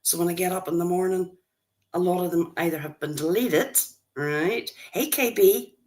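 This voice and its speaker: A woman's voice: lowish voice, moderate pace, darkish tone. A woman in her fifties, a grandmother, hosting a casual livestream and chatting with viewers, greeting them by name as they join. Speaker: livestream host.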